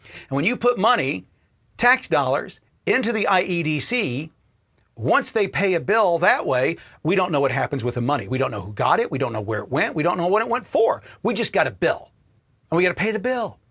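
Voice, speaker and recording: A man hosting a political livestream, ranting with profanity and swinging between shouting and low muttering. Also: very animated, a little fast, slightly rough. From Indiana, US. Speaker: political commentary host.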